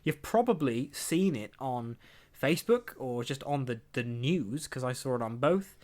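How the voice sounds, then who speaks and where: A man's voice: medium pitch, expressive, a little slow, a little mellow. A young man hosting a podcast, rambling through entertainment news with lots of laughs and acted-out quotes. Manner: rambling, chatty, laughs often, acts out quotes. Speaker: podcast host. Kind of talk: casual chat, reading entertainment news.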